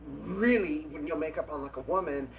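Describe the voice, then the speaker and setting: A man's voice: a little high, moderate pace, vocal fry, slight background noise. A man, a drag performer, telling catty backstage stories in a casual, gossipy interview, breaking into laughs and gasps.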